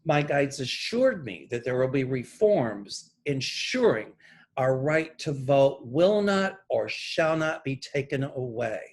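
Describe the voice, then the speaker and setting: A man's voice: mid-range voice, very animated. A man working as a psychic, speaking straight to camera and reading channeled messages from his notes in an earnest, emphatic way. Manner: deliberate, pointed, emphatic political commentary. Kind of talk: earnest monologue read from notes.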